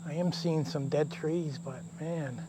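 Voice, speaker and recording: Outdoor vlogger, male, slightly high voice, easygoing and rambling, recorded in the woods with faint crickets behind. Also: steady tone, measured pace. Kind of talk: casual camping vlog talk to camera. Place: outdoors in damp woods by a river. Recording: faint outdoor insect noise. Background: crickets and insects.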